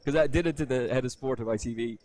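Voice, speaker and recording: A man's voice: medium pitch, fast talker, darkish tone, no room sound. A man commentating live poker, a chatty storyteller who slips into voices.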